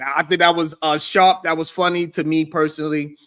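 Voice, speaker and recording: A host of a live call-in stream who talks casually, reacts to viewer comments and mocks critics with exaggerated voices. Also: male voice, on the high side, level tone, fairly quick, a bit bright.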